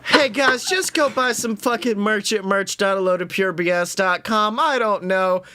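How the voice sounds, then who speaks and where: A young man with a high, bright voice co-hosts a podcast in loose banter. He is excitable, swears freely and laughs often. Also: moderate pace. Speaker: podcast co-host.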